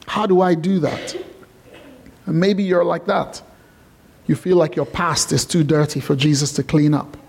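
A man preaching a sermon in a lively, conversational and playful way. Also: on the high side, unhurried, gravelly, pauses often, breathy edge. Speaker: pastor.

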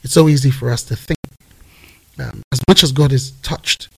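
A man in a casual faith discussion, retelling Bible stories in an animated way and laughing along. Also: medium pitch, normal speed, vocal fry, husky, rough recording.

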